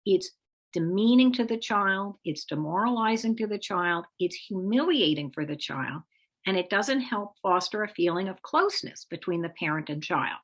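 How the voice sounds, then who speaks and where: A woman presenting an instructive webinar talk as a parenting expert, speaking in a measured, explanatory way. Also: mid-range voice, animated. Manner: measured, explanatory, acts out example phrases for parents.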